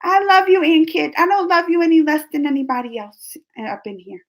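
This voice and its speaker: A woman in her forties hosting a casual livestream, chatting with viewers in a rambling, animated way and laughing often. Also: sits high, fairly quick. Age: 40s. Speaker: livestream host reading chat. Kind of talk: casual live chat.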